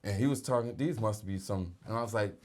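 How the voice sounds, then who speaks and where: A man's voice: lowish voice, fast. A middle-aged man, an R&B singer, telling stories in a casual interview and acting out the people he quotes. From North Carolina. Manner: animated storyteller acting out quoted voices.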